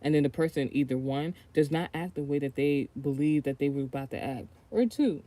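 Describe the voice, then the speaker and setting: On a relaxed livestream, a tarot reader from the United States talks in a deep, dark-toned voice at a slightly quick pace. She's rambling and chatty, cursing freely, and keeps losing her thread and restarting.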